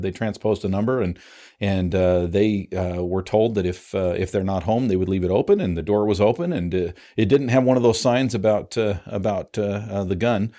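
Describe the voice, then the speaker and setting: A man hosting a podcast, asking a guest questions in a casual, relaxed way with fillers. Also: lowish voice. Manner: relaxed, hesitant, with fillers and laughs. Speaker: podcast host. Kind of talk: casual interview.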